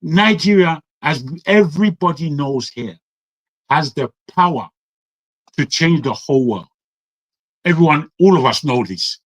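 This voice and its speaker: A man from England speaking in an online discussion, defiant and forceful, firing heated rhetorical questions. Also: on the high side, dry recording, dull audio. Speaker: audience speaker. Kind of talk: impassioned talk on an online call.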